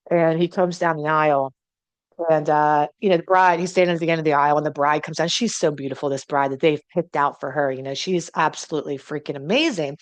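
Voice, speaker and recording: Brief: middle-aged woman coach, low voice, dry close sound, blunt and lively, swears freely. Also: no room sound. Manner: blunt and animated, swears, addresses viewers directly. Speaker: relationship coach and teacher. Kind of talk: motivational teaching.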